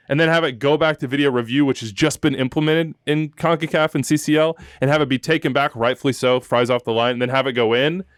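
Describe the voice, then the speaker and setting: Clear-voiced animated male podcast host. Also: medium pitch, no room sound, studio quality. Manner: animated, emotional storytelling with joking asides. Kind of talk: soccer podcast chat.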